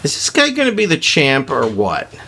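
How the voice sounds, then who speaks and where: A man's voice: on the high side, wildly swooping pitch, normal speed, sharp tone, slight background noise. A man giving rambling, opinionated commentary while playing a video game, joking as he goes. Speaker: gaming video host. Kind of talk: casual gameplay commentary.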